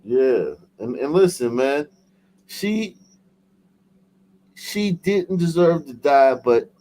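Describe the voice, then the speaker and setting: A man's voice: on the high side, big pitch swings, slow, pauses often, warm tone, rough recording. Laid-back man in casual chat. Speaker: co-host.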